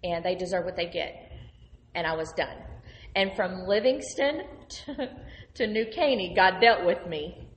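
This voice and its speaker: Woman preacher sharing testimony, lively storyteller, long hall reverb. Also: on the low side, a little slow. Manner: animated, conversational storyteller. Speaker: minister.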